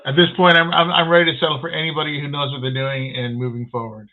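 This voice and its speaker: A man's voice: on the high side, flat delivery, fast. A man hosting a podcast interview, reacting briefly and laughing easily. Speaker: podcast host. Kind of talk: casual interview chat. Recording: phone-like remote call audio.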